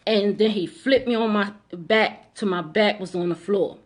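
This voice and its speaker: A woman's voice: mid-range voice, a little slow. A middle-aged woman telling a personal story to camera in an emphatic way, repeating lines and speaking straight to her audience. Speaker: vlogger.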